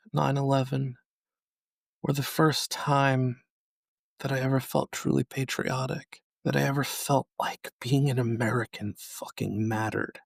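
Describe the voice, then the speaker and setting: Podcast host, man in his 30s from New York: solemn, measured delivery, gravelly tone, dry close mic. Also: mid-range voice, no echo. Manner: solemn, slow and measured with angry emphasis. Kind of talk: personal reflective monologue.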